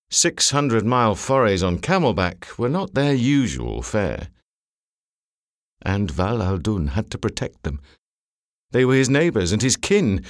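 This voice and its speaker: Low voiced guy reading an audiobook, measured but really expressive, lots of ups and downs, dry close mic. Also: dry recording. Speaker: audiobook narrator. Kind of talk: scripted narration. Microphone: close studio mic.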